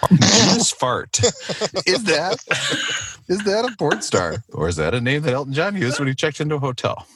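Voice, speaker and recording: A man's voice: on the high side, big pitch swings, brisk, a bit bright, husky. A man hosting a casual quiz game with friends over a video call, often laughing at his own jokes. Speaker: quiz host.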